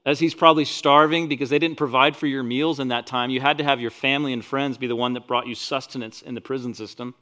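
A man pastor preaching a sermon, rising loud on scripture and dropping quiet for asides. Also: mid-range voice, steady tone, fairly quick.

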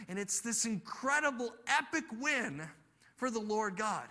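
A male pastor preaching in a high voice. His sermon is told as lively storytelling that swells into loud, emphatic bursts. The tone is bright and forceful. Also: unhurried. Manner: animated storytelling, building to loud emphatic peaks.

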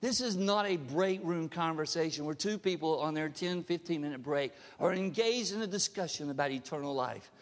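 A man's voice: fairly high pitch, normal speed, hardly any pauses, big-room sound. A male pastor preaching a sermon, emphatic, often asking the congregation questions. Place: church sanctuary.

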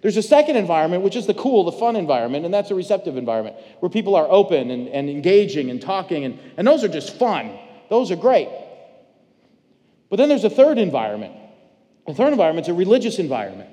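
A pastor preaching a sermon, telling personal stories in a conversational way with many fillers and restarts. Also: male voice, high-pitched, very animated, fast, mellow. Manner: conversational storytelling with frequent fillers. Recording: long church hall reverb.

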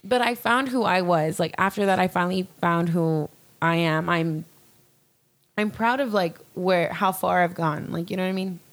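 Young woman, slightly low voice, candid rambling storyteller, casual talk. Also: normal speed. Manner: candid, rambling, fillers and swearing. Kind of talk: casual chat.

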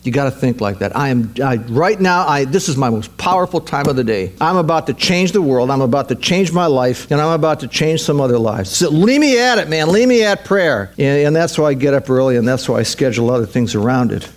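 A man's voice: medium pitch, animated, fairly quick, hardly any pauses. A man preaching a sermon as pastor, talking emphatically with lots of repetition.

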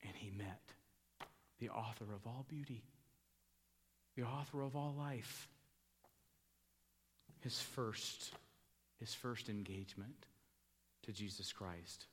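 A man's voice: lowish voice, takes it slowly, pauses often, breathy edge. Fiery Southern preacher man in echoing hall. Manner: fiery, building to loud preaching peaks. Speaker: pastor. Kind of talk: funeral sermon. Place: church sanctuary. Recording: long hall reverb.

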